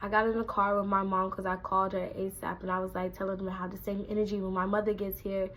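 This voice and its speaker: A young woman, telling a casual storytime, animated and acting out quotes in a raised voice. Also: mid-range voice, quick pace, slight background noise, low-quality recording. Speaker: vlogger.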